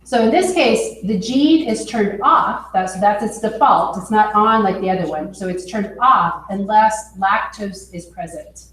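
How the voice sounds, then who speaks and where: A woman teaching a biology class, explaining slowly and checking in with her students as she goes. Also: mid-range voice. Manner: slow, explanatory, checks in with okay. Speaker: biology instructor. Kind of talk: classroom lecture. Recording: echoey classroom with faint noise.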